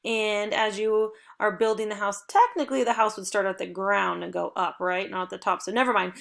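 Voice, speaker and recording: A young adult woman teacher leading a recorded phonics lesson for children, with upbeat, encouraging, clearly paced prompts. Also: medium pitch.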